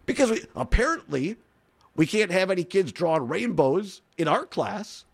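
A male talk radio host speaks from the studio in a high, strongly animated voice. He sounds mocking and opinionated, and he often breaks into laughter. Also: moderate pace, creaky, breathy edge.

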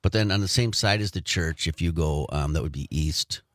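A middle-aged man co-hosting a radio show, chatting casually and telling animated stories. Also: rumbling low, normal speed, no room sound, studio quality. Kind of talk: casual chat.

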